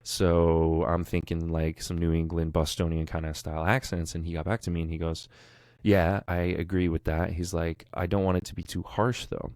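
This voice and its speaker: Deep-voiced enthusiastic male podcast host. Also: dry recording. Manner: enthusiastic, nerdy, talks fast when excited. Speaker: podcast co-host, audiobook narrator. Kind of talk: casual podcast chat.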